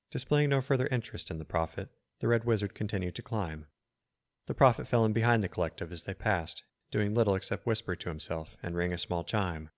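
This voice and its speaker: A man reading his own short story aloud as narration, measured and dramatic. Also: fairly low pitch. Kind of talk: scripted narration of an original story. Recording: home mic.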